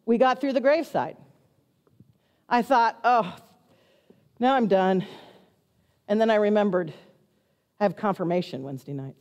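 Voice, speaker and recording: A middle-aged woman pastor, telling a lively, self-mocking story as part of a sermon. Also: medium pitch, moderate pace, long pauses. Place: church sanctuary. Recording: long hall reverb.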